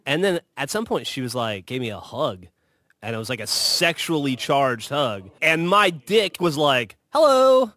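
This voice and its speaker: A man's voice: mid-range voice, moderate pace, no echo. A man telling funny stories in casual chat, swearing and acting out what people said. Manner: animated, swearing, acts out quoted lines. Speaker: podcast host telling stories. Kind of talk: casual storytelling.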